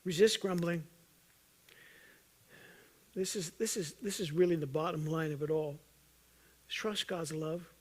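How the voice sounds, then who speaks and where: A man preaching a sermon as pastor, earnest and urging, at times loud and at times hushed, joking with the congregation. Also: measured pace, pauses often. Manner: earnest, swings from loud emphatic urging to soft low intensity; jokes with the congregation.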